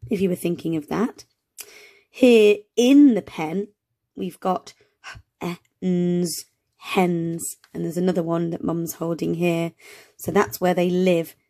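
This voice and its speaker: A woman reading a phonics picture book aloud to young children, slowly sounding out words letter by letter and cheering them on. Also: fairly low pitch, mellow. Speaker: early reading teacher.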